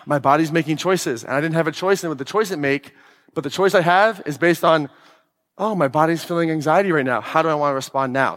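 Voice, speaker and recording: A man with a slightly high voice delivers a blunt, emphatic motivational talk to an audience. He swears freely and throws questions at the room. The sound carries a long reverb tail, as if from a large hall. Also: a bit bright. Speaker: podcast host giving a talk.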